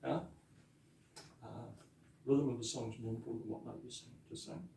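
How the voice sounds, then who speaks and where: Gravelly New man teaching, echoey room. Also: medium pitch, fairly even intonation, dark tone, far from the mic, a little hiss or hum. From New Zealand. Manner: chatty, laughing asides, repeats words slowly for pronunciation. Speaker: pastor teaching te reo Māori. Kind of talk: informal language lesson.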